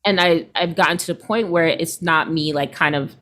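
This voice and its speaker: A woman's voice: deep voice, moderate pace, slight background noise. A woman in her thirties, a guest in an interview, talking casually and animatedly, often acting out what other people said. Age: 30s. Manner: chatty, animated, quotes people in put-on voices, laughs often.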